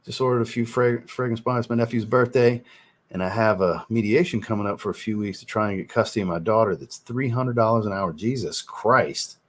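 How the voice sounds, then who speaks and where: A man hosting a casual fragrance livestream, thinking out loud and answering viewers' chat messages as he goes. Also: on the low side, fast talker.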